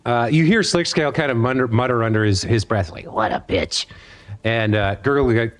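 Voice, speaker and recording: A man narrating as game master in a casual, halting way with many fillers. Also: medium pitch.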